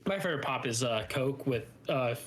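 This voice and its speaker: A Midwestern man co-hosting a podcast in loose, rambling banter. His voice sits at a middling pitch. He swears freely and stretches his stories out. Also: a little fast, slight background noise. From American Midwest. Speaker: podcast co-host. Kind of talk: casual banter.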